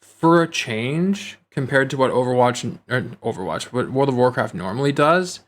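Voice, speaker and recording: A man calmly explaining his view on game design in a casual discussion. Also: medium pitch, moderate pace. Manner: calm, reasoned explanations.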